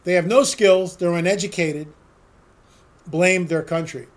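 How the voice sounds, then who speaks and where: In an opinionated solo monologue, a man rants sarcastically and fires rhetorical questions at his listeners. His voice is high and steady, and he's in no hurry.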